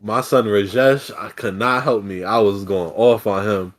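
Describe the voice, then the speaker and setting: A young man hosting a podcast, telling a story in casual chat with animated, profane ranting. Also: on the low side, unhurried. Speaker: podcast host.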